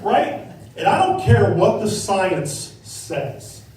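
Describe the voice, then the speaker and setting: A middle-aged man works through a stand-up set in a comedy club, tagging his punchlines with a quick "right?". His voice sits high and leaps around in pitch. The sound is strongly echoey and picked up from a distance, with faint noise underneath. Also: huge pitch swings, darkish tone. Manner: tag question "right?" after punchlines, acted-out quotes. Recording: echoey club, mic from afar, faint crowd.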